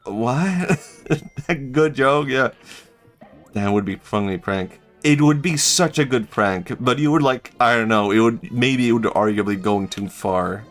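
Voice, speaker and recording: A man's voice: mid-range voice, lively intonation, measured pace, soft background music. A young man streaming a game, chatting casually, rambling and laughing often as he jokes. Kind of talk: casual gaming stream chat.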